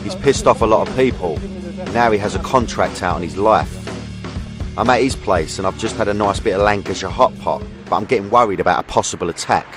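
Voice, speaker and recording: A man's voice: fairly low pitch, a little fast. A man narrating a documentary in the first person, in a tense and dramatic style. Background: music.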